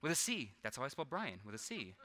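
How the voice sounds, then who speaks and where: A man's voice: medium pitch, very animated, quick pace, noisy background. A man performing a live comedic mind-reading act on a convention stage, chatty and self-deprecating, laughing often as he works with audience volunteers. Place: large convention hall stage.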